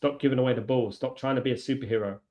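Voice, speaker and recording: A man hosting a live football watchalong, chatty, reacting to play and giving shout-outs to viewers. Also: mid-range voice, steady tone, rapid-fire. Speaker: watchalong host.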